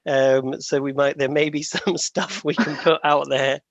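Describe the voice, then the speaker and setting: A man's voice: a little high, fairly even intonation, unhurried, gravelly, dry recording, lo-fi sound. A man hosting a podcast, telling stories in a rambling, self-deprecating way with plenty of fillers and restarts. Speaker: podcast host. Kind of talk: casual conversational podcast chat.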